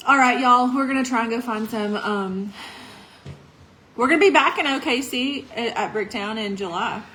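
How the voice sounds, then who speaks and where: A woman's voice: a little high, normal speed, fairly bright tone, slight background noise, low-quality recording. A woman, a headlining comedian, chatting casually and teasing her co-host, laughing easily. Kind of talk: casual chat.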